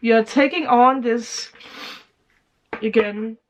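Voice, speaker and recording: A woman's voice: on the high side, steady tone, takes it slowly, a little hiss or hum. A woman giving a casual tarot reading, chatty and laughing often as she acts out people's reactions. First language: Danish. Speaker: tarot reader. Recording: slightly dull lo-fi sound.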